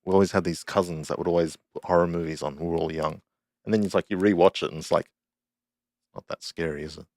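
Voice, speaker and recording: A man's voice: low voice, fairly even intonation, fast, creaky, a little mellow, no echo, studio quality. A man co-hosting a podcast in casual chat, mostly giving short agreeing replies and laughing along. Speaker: podcast co-host.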